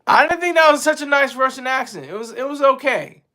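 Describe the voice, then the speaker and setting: A man's voice: extremely high pitch, lively intonation, fairly quick, pushed and bright. A man hosting a live stream in a casual, rambling monologue, giving strong opinions and often stopping to search for words as he answers his chat.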